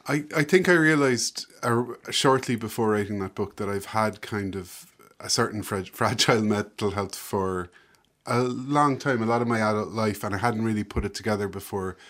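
A man's voice: on the low side, normal speed, a bit bright. A man talking reflectively as a guest about his book, often hesitating and laughing. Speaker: author and guest. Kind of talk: casual conversation.

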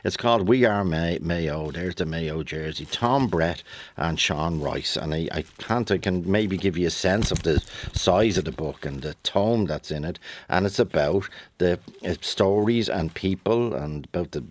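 A man with a Dublin accent hosting a radio talk show, enthusiastic and quick to heap praise on his guest. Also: sits low. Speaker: radio phone-in host.

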